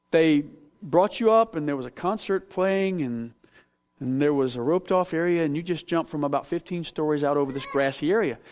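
A middle-aged man preaching a sermon, telling stories with self-mocking humor. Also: high-pitched. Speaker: pastor.

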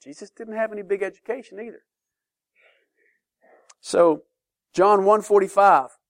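A man teaching a sermon-style Bible lesson to a class, emphatic and lively, often checking in with questions. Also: high-pitched, a little slow, vocal fry, dry recording, clean studio sound.

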